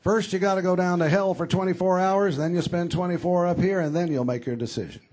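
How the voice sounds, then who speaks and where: A man voicing Saint Peter as a stern old male gatekeeper in a joke, speaking in a matter-of-fact, drawn-out way. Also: high voice, fairly even intonation, a little mellow.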